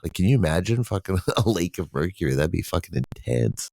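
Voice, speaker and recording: This podcast co-host, an adult man with children, has a deep, gravelly, slightly mellow voice with big pitch swings, and he talks a little fast. His casual conversation rambles, packed with swearing and filler words.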